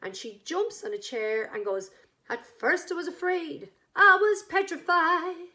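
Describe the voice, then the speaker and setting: An Irish woman chatting enthusiastically, pitching her wedding act to a couple and acting out the characters' lines. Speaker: wedding entertainment business owner. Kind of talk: casual sales pitch to a couple.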